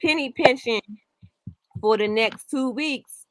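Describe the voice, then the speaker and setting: A woman's voice: high-pitched, measured pace. A woman hosting a casual reaction chat, telling stories in a rambling way with many restarts. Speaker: host.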